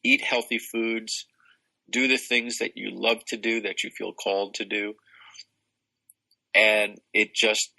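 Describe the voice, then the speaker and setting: A man's voice: on the low side, little pitch movement, takes it slowly, creaky, long pauses, bright, forceful tone, rough recording. An older man talking as a spiritual teacher guest in an expansive, rambling way, with many restarts. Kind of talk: casual spiritual conversation.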